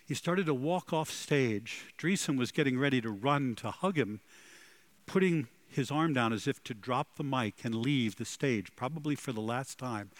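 A man preaching a sermon, telling stories dramatically and swinging between loud and hushed delivery. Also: mid-range voice, dry recording. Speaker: pastor.

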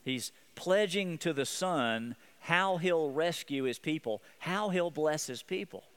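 A man's voice: on the high side, lively intonation, slow, fairly bright tone, clean tone. A man preaching a sermon as pastor, earnest, often repeating and restarting his phrases.

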